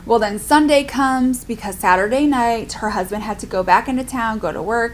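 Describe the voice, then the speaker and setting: A woman's voice: fairly high pitch, moderate pace, hardly any pauses, slight background noise. A young adult woman chatting casually in a book review vlog, filling her talk with "like". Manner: chatty, lots of "like" fillers. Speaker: book vlogger.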